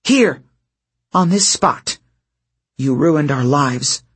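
A man's voice: a little high, animated, slightly rough, heavily acted. A man voicing a blunt, bitter young woman warrior who snaps her words. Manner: snappish, quick and sharp.

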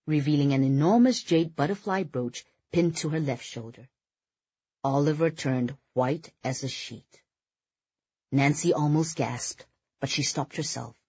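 Husky, measured audiobook narrator. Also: medium pitch, no room sound, muffled recording. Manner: measured, even storytelling.

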